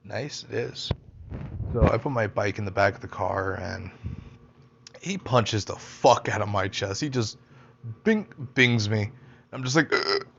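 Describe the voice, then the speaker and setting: A young man with a low, gravelly voice rambles through his life stories, swearing often and doubling back on himself. The recording is dull and lo-fi, like a cheap home setup. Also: measured pace, pauses often, a little hiss or hum. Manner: rambling, profane, self-interrupting. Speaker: storyteller, podcaster. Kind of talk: casual personal storytelling.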